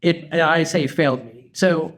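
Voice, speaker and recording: A man co-hosting a podcast, chatting in a relaxed way and quoting himself with "I'm like". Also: a little high, normal speed. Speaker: podcast co-host. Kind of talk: casual chat.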